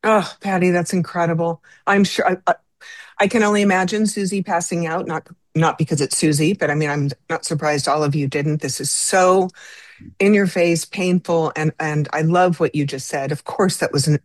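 Woman host, interviewer, lower voice, dry close sound, sympathetic and stumbling over words. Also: fairly even intonation, normal speed, no room sound. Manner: effusive, stammering, sympathetic questioning.

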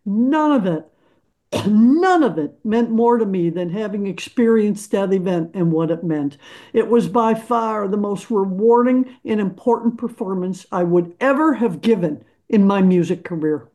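A woman's voice: mid-range voice, dark tone. An older woman, a musician, earnestly recounting a painful memory in an interview. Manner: earnest, emotional, deliberate recounting. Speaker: musician guest. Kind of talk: personal storytelling interview.

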